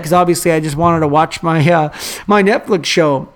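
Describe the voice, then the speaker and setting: A man's voice: fairly high pitch, normal speed. A man, a pastor and father of young children, preaching a sermon with emphatic repetition and casual asides. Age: adult father of young children. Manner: emphatic, repeats key phrases for the congregation; conversational asides and fillers.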